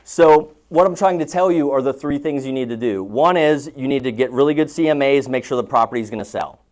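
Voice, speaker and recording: A man's voice: medium pitch, a little fast, a little mellow. Man, real estate coach, live seminar, chatty storyteller, quizzes the audience, mid-range voice. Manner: chatty storytelling, asks the room questions.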